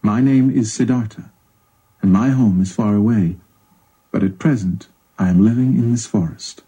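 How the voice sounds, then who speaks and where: A man reading the lines of a kind adult male hermit in a quiet, reassuring voice. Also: on the low side, normal speed, slightly rough, rough recording. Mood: gentle.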